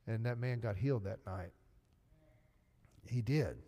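A man's voice: on the low side, measured pace, pauses often, dark tone. A man preaching a sermon as pastor, telling an emotional story in an earnest, heartfelt way. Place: church sanctuary. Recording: long reverb of a church hall.

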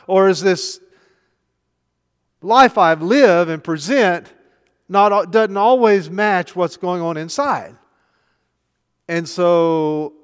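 An older man, a pastor, preaching a chatty sermon full of rhetorical questions. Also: high-pitched. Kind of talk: conversational sermon. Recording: long hall reverb.

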